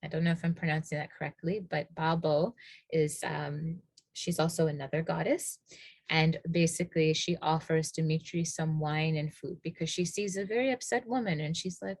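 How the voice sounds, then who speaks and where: A woman's voice: lowish voice, moderate pace, slightly rough, dry recording. A woman guest casually retelling old myths in conversation, hesitant, with many fillers and restarts.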